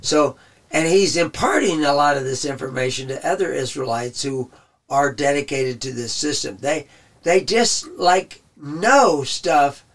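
A man with a gravelly, creaky voice gives a loose, conversational Bible teaching that wanders from point to point. His voice sounds a bit worn, as if he is losing it. He sits back from the microphone, so he sounds distant. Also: medium pitch. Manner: rambling, conversational.

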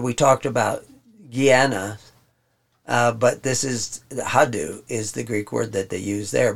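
A man giving an informal Bible study lesson. He pauses often, restarts his sentences and explains the text word by word. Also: mid-range voice, vocal fry. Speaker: Bible teacher.

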